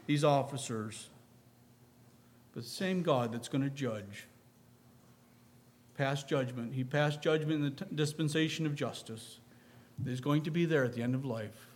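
A man's voice: medium pitch, darkish tone. A man preaching a sermon in an earnest, reflective way.

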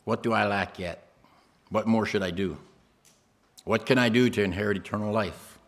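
A man's voice: fairly low pitch, normal speed, natural voice. A man doing a proud rich man, pleading. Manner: insistent, self-righteous.

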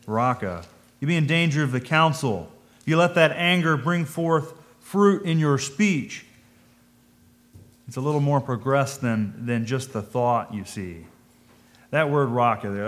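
A man's voice: mid-range voice, a bit bright. A man giving a conversational sermon, thinking aloud, asking his listeners questions and reading scripture in old-fashioned wording. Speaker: preacher.

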